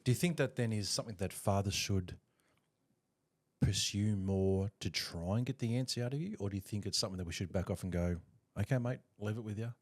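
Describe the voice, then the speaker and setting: Deep-voiced father asking questions. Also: a little fast. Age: middle-aged. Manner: probing, asks long searching questions. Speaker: podcast host and father. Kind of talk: casual family podcast chat.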